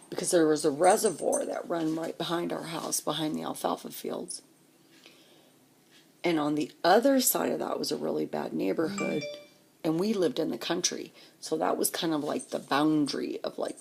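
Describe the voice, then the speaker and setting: A woman in her fifties reminisces about her childhood, animated and chatty, acting out other people's voices as she goes. Her speaking voice is low, with a gravelly, husky texture. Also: moderate pace, a little hiss or hum. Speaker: storyteller recalling her childhood. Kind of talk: personal storytelling.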